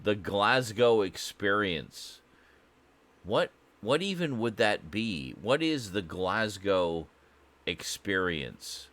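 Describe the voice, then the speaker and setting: On a casual live stream, a man from Canada jokes and pokes fun at himself, addressing an absent chat. He speaks slowly with big pitch swings, in a voice on the low side and a bit bright.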